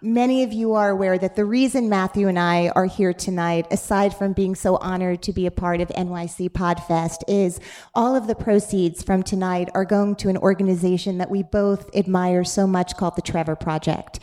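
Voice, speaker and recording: A woman hosts a live podcast taping on stage, her talk playful and chatty. She laughs easily as she jokes with her guest, and her voice sits at an ordinary middle pitch. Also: steady tone, normal speed, dark tone. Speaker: podcast host. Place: stage before a live audience.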